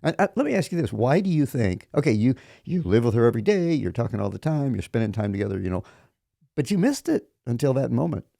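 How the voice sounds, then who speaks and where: Man co-host, fast speech, dark mellow tone, casual affirming chat. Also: medium pitch, very animated, gravelly, no room sound, clean studio sound. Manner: affirming, conversational. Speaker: podcast co-host.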